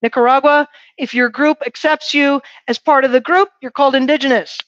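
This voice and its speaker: Fairly quick and high-voiced, a woman delivers a lively university lecture, frequently throwing questions at the class and checking in with "right?". The recording is dull and dry.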